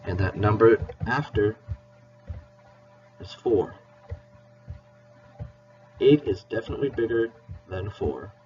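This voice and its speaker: This male teacher has a lowish, darkish voice with lively intonation, speaking slowly with long pauses as he gives children a playful, encouraging math lesson and spells words out. He's far from the mic on a dull lo-fi recording with faint hiss.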